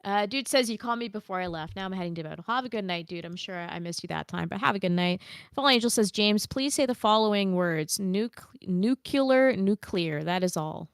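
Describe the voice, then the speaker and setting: A woman's voice: medium pitch, fast, creaky, clear, resonant tone, no echo, studio quality. A woman co-hosting a podcast, casually reading viewer comments aloud and reacting bluntly with swearing. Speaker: podcast co-host reading chat. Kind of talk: casual chat.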